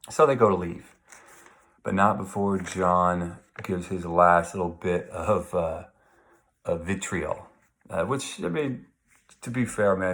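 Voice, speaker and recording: A man's voice: deep voice, creaky, a bit bright. A man teaching a literature lesson to his class, talking in a loose, conversational way, wandering off on asides and reading passages aloud. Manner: conversational, digressive, reads quotes aloud. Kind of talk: recorded literature lecture.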